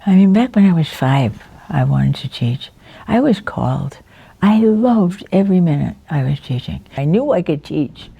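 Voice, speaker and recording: A woman in her nineties telling the story of her life in an interview, lively and anecdotal, often chuckling as she recalls people. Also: on the low side, normal speed, gravelly, breathy edge, muffled recording. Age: 90s. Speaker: interviewee, veteran educator.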